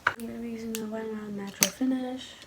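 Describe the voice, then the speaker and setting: A teenage girl filming a get-ready-with-me vlog, talking in a rushed, chatty way and often half-whispering. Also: fairly even intonation. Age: teens. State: out of breath. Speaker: vlogger. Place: home, early morning. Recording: low audio with loud background noise.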